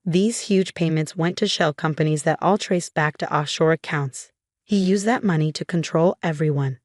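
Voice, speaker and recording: A man's voice: a little high, normal speed, dry recording, studio quality, close to an everyday voice. A woman narrator voicing a male investigative journalist who speaks matter-of-factly. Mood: factual.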